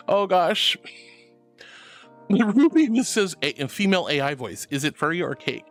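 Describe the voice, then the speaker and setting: A man's voice: high-pitched, lively intonation, a little slow, fairly bright tone, soft background music. A young man streaming, reading chat messages aloud in an affectionate, theatrical way, calling viewers honey and sweetie.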